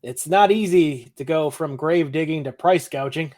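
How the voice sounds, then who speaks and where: A laid-back young man from Ohio chats through a TV episode recap on a podcast. He's blunt and swears freely. His voice sits a little high for a man. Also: normal speed, a little mellow. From Ohio, USA. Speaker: podcast co-host. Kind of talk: casual chat recapping a TV episode.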